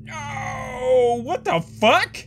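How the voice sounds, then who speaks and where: A man's voice: very high voice, animated, drawn-out words, fairly bright tone, faint music behind. A young man giving jokey, swearing let's play commentary, ranting at the game. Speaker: gaming youtuber.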